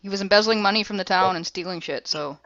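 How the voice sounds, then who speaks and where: Woman player, deadpan answers, a bit muffled sound. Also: medium pitch, fast, very noisy. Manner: deadpan, laughs easily. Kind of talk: casual tabletop play.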